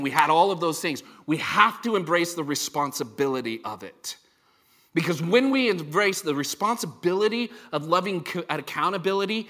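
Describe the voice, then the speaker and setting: A man preaching a sermon to his congregation, lively and acting out the voices he quotes. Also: a little high. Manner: animated, acts out quoted voices. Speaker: pastor. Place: church service before a congregation.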